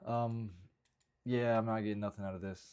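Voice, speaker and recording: A man in a casual vlog, talking haltingly about his stand-up material and second-guessing his own jokes. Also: on the low side, level tone, darkish tone, clean tone. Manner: halting, rambling, self-critical, frequent restarts. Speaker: stand-up comedian.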